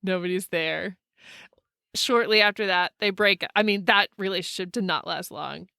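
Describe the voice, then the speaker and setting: Bright-voiced woman telling a ghost story. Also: moderate pace, gravelly, smooth, no room sound, studio quality. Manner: animated, acts out quoted people with pitch swings. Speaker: podcast co-host. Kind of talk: casual storytelling.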